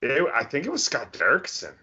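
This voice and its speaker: A man with a bright, forceful voice that swings widely in pitch co-hosts a loose movie podcast. He talks haltingly with many fillers, and the sound is dull and lo-fi. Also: wildly swooping pitch, breathy edge. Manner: halting, full of fillers, playful. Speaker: podcast co-host. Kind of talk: casual banter about movies.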